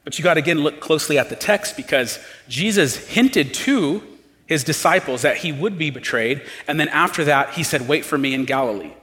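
A man preaching a sermon as pastor, earnest, rising to emphatic pleas and dropping low and quiet. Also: lively intonation, a little fast, in a large hall.

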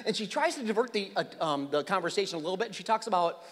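A man preaching a sermon, swinging between loud calls and hushed tones, acting out the people in the story. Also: high voice, very fast, hardly any pauses, in a large hall. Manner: animated, swings from loud to hushed, acts out voices. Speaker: pastor.

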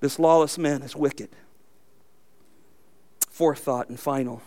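A man's voice: medium pitch, fairly even intonation, slow pace, darkish tone. A man, a pastor, preaching a sermon emphatically and asking the congregation rhetorical questions.

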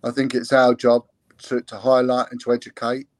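A man's voice: mid-range voice, monotone, normal speed, darkish tone, dry recording. A man, a former police investigator, talking earnestly in an interview with many restarts and fillers. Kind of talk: candid interview talk.

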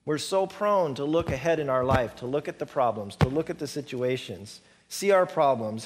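Middle-aged pastor guy preaching, talks casual, repeats himself for emphasis, gets louder on the big points. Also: a little high, expressive, normal speed, hardly any pauses. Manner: conversational, repeats words for emphasis. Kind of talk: sermon. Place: church sanctuary.

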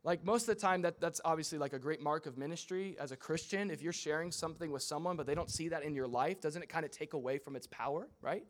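Delivering a sermon, a young pastor with a light, high voice stays conversational and humorous. He keeps jumping into brief impressions, acting out the voices of the characters in his story.

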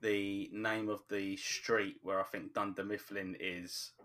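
Deep-voiced man. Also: little pitch movement, takes it slowly, sharp tone. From from just outside London, England. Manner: hesitant, many ums and restarts. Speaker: podcast co-host. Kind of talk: casual chat about a TV show.

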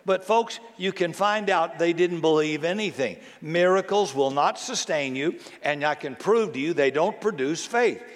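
A man preaches to his congregation in a casual, talky way, regularly asking rhetorical questions. His voice is a little high, at a moderate pace with few pauses, echoing with the long reverb of a large church.

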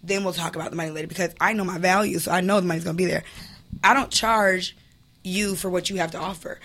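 Woman, interview guest, bright clear tone, emphatic, candid, quick to laugh. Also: fairly low pitch, steady tone. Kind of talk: casual interview storytelling.

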